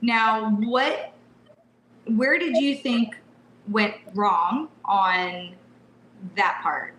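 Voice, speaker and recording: A woman from Washington state co-hosting a casual chat, bubbly and quick to laugh. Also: fairly high pitch, fairly even intonation, fairly bright tone, reverberant, a little hiss or hum, low-quality recording. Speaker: co-host.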